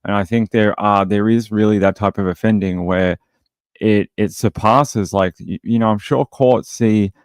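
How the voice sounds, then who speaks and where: A man's voice: on the low side, fairly even intonation, moderate pace, clear, resonant tone, dry recording. An Australian man hosting a true crime livestream, casually reading out viewer comments and answering them in a blunt, opinionated way with lots of fillers.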